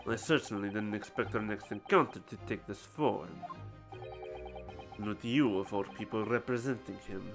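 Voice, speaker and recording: A man's voice: on the low side, moderate pace, creaky, music in the background, voice pushed down. A man reading the lines of a cold, composed aristocratic prosecutor in a story game, formal and aloof. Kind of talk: reading game dialogue aloud.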